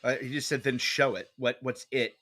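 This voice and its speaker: A man's voice: medium pitch, fairly even intonation, normal speed, fairly bright tone. A man co-hosting a stream, making dry, joking asides in casual chat. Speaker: stream co-host.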